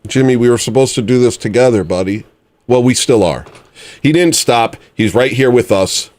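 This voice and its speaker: A man's voice: medium pitch, normal speed, a little mellow. A man in his forties hosting a casual livestream, musing aloud in a rambling, mock-serious way. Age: 40s. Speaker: livestream host.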